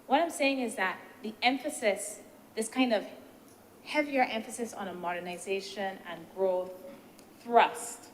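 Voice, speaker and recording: A woman senator giving a measured, deliberative speech in a senate debate, posing rhetorical questions as she weighs the points. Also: mid-range voice. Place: senate chamber. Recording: reverberant chamber with faint background noise.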